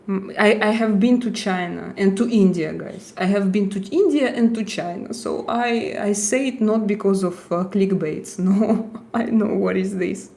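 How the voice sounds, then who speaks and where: A woman's voice: mid-range voice, creaky, warm tone. A woman with a Russian accent hosting a casual livestream, answering her chat bluntly and restarting her words as she goes. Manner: blunt, halting, repeats words while reading chat aloud. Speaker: livestream host reading chat.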